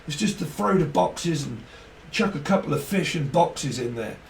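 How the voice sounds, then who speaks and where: This tarot reader sounds fairly high and gravelly, animated but moderately paced as he rambles through a casual reading, tossing in jokes and free associations. The mic sits far from him in an echoey room, and a faint hiss runs underneath.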